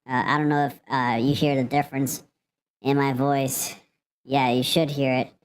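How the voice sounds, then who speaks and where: A man talking through a pitch-shifting voice changer that makes him sound silly, with a chatty, goofy manner. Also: level tone, moderate pace, a little hiss or hum.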